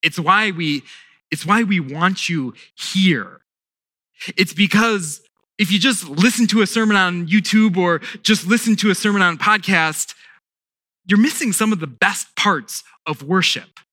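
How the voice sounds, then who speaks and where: A male pastor delivers a sermon at an unhurried, measured pace, leaning on repeated words and deliberate pauses. His voice is bright and slightly high for a man, and the recording is close and dry. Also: no echo.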